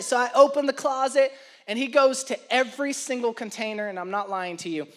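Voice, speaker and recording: A man's voice: very high voice, brisk. A young man preaching a sermon, telling a self-mocking story about his son and building to emphatic points. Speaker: pastor.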